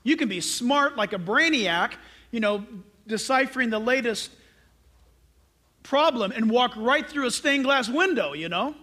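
A man's voice: extremely high pitch, animated, unhurried, bright, forceful tone. A male pastor preaching a sermon, emphatic and direct, firing rhetorical questions at his congregation.

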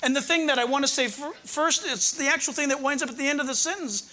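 An older male pastor preaching a conversational, humorous sermon, slowing down to read verses with emphasis. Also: very high-pitched, sharp tone.

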